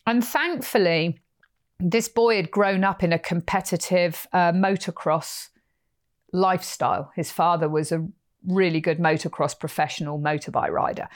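A woman podcast host telling a personal story in a lively, animated way, acting out quotes as she goes. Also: lowish voice, moderate pace. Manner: animated, vivid retelling with acted-out quotes.

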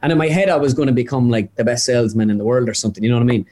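A young man chats easily as an interview guest. He tells his stories quickly and casually and keeps dropping in asides. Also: mid-range voice, a little mellow. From Ireland. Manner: chatty anecdotal storyteller, quick with asides. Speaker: guest, impressionist.

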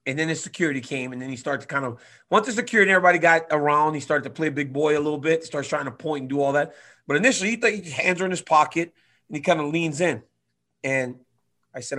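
A man in his twenties telling a story in casual chat, animated, swinging from loud to quiet. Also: fairly high pitch, quick pace. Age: 20s. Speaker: guest fighter.

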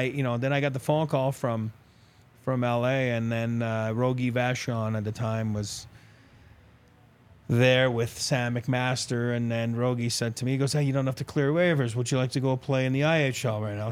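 This middle-aged man, once a pro hockey player, has a smooth, medium-pitched voice. In a casual podcast interview he spins long, rambling anecdotes, acting out the dialogue with quoted lines and laughter.

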